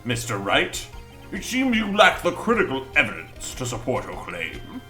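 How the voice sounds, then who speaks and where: A man voicing a stern older male judge in a game, making slow, formal pronouncements. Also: mid-range voice, huge pitch swings, bright, forceful tone, faint music behind. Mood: solemn.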